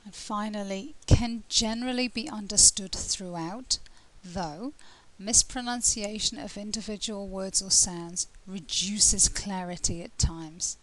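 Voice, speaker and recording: A British woman teaching a lesson on test scoring in a mid-range voice. Her tone is easygoing and conversational, and she often pauses on fillers and restarts her sentences as she explains each point. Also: medium pitch, steady tone, rough recording. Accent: British English. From Britain. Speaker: language test tutor.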